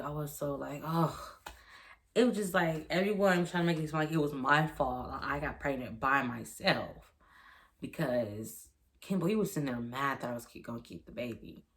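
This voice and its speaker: A young woman vlogger telling a personal story in a rambling, repetitive way, acting out the dialogue and sometimes dropping to a whisper. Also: rumbling low. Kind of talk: storytime vlog.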